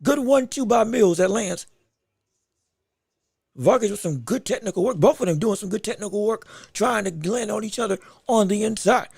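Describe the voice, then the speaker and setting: A man hosting a live podcast, giving rapid round-by-round boxing commentary with excited outbursts. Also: high voice, gravelly, slightly rough, no echo, studio quality. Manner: rapid play-by-play, excited outbursts, talks to the chat. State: hiccups.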